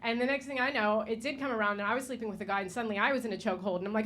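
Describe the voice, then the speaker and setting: A woman's voice: mid-range voice, rapid-fire, hardly any pauses, a crowd in the background. An American woman in her thirties doing a stand-up comedy set, chatty and full of fillers, laughing at her own jokes. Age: 30s. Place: comedy stage. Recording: noisy live stage recording.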